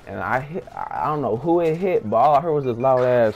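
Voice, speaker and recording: A man's voice: mid-range voice, lively intonation, a little fast, gravelly, hardly any pauses, darkish tone. A young man telling a comic story-time tale in a slangy, rambling voice, full of fillers and bursts of hype. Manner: hyped, acts out friends' voices in quotes. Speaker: storyteller vlogger.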